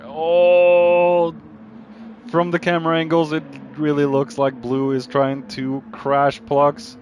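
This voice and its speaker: A man giving live commentary on a sim racing league, calling overtakes and getting excited, even shouting warnings at drivers. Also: fairly high pitch, slow pace, lo-fi sound, slight background noise.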